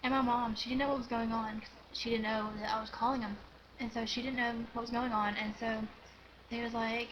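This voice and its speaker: A teenage girl chatting casually on a home video, excited and rambling, with lots of giggles and "like"s. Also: on the high side, fairly quick, highs cut off, noisy background. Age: teens. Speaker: vlogger. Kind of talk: casual storytelling chat.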